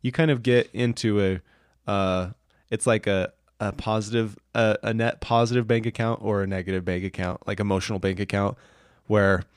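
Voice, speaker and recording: A young man co-hosting a podcast, talking in a relaxed, reflective way. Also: fairly low pitch, moderate pace, clean tone, no room sound, clean studio sound. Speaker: podcast co-host. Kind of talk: casual chat.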